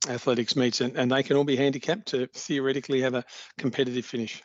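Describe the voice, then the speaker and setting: A man, answering interview questions in a measured, informative way and praising the athletes. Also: mid-range voice, little pitch movement, dry recording. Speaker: athletics league official guest. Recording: dry, dull-sounding podcast audio.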